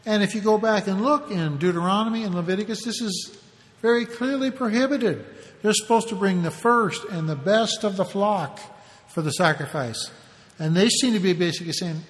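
Male Bible teacher, high voice, relaxed explanatory sermon, reverberant room. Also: normal speed. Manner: conversational, paraphrases scripture in everyday words.

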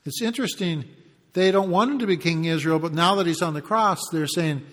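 A man's voice: sits high, animated, moderate pace, a bit bright, in a large hall. A man preaching a conversational expository sermon, reading verses and acting out brief taunts as asides. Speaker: pastor.

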